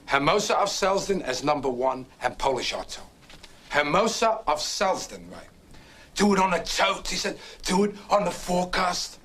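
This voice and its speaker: A man's voice: sits high, lively intonation, normal speed, a bit bright. An actor playing a restless, boastful young man who rambles through a racetrack story and keeps prodding his listener with "right?". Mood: animated. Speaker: actor in a film drama. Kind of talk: stage-play film acting.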